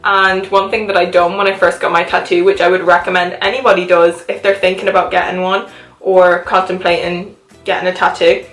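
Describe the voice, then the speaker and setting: A woman's voice: on the low side, little pitch movement, brisk, roomy sound, soft background music, rough recording. A woman of 21 from Ireland with a mixed Irish accent that carries touches of Liverpool and American speech. She talks to camera at home, chatty and upbeat, with lots of "like". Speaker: vlogger. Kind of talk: casual chat to camera. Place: her home.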